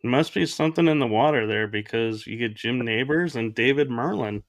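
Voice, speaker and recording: A man's voice: mid-range voice, moderate pace, dry recording. A man hosting an interview podcast, reacting with enthusiasm and expression. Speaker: podcast host. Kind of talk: casual interview chat.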